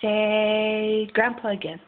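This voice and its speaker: A woman's voice: mid-range voice, flat delivery, slow pace. A woman, a mother, playfully and patiently coaxing her toddler to say words, recorded on a phone. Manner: playful, patient, laughing often. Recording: thin phone-like audio.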